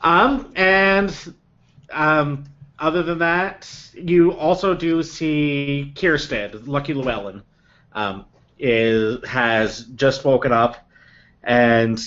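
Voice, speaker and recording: A man narrating a tabletop game as game master, unhurried and halting, filling pauses with ums. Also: a little high, a bit bright, dull audio.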